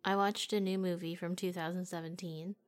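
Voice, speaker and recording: A woman's voice: lowish voice, flat delivery, a little fast. A woman co-hosting a casual movie chat, chatty and giggly, with lots of fillers. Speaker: podcast co-host.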